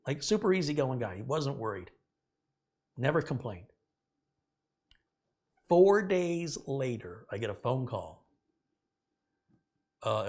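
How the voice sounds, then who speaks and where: A man's voice: mid-range voice, animated, moderate pace, long pauses, darkish tone. A middle-aged man hosting a live stream, casually retelling a story and acting out the quoted dialogue with indignation. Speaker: host.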